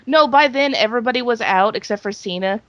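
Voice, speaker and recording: A woman co-hosting a podcast in casual chat, dry and quick to heckle and agree. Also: on the high side, no room sound, lo-fi sound. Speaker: podcast co-host.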